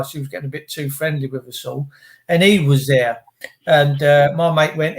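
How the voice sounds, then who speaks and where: A man spins a laddish, sweary story in relaxed chat. His voice sits a little high for a man. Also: a little fast. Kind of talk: casual chat, telling anecdotes.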